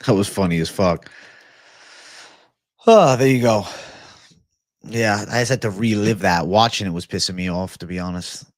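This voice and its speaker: A man hosting a live stream, relaxed as he reads and answers viewer chat. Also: lowish voice, normal speed, pauses often, no room sound, studio quality. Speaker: livestream host.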